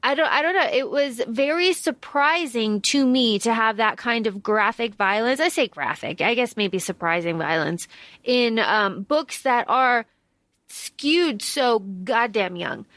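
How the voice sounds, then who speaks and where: A woman's voice: on the high side, animated, unhurried, fairly bright tone, no echo. A young woman co-hosting a podcast in casual book chat, blunt and swearing freely. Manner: blunt, swears freely, acts out characters mockingly. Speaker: podcast co-host.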